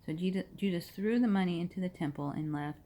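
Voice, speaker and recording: Low-voiced woman reading scripture. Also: quick pace, mellow, slight background noise. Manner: reads verse references aloud, restarts and repeats phrases. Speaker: scripture reader.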